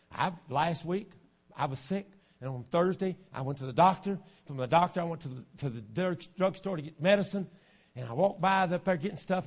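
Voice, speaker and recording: Folksy high-voiced preacher in his fifties. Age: 50s. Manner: folksy, joking, swings from quiet to shouting. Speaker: pastor. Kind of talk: sermon.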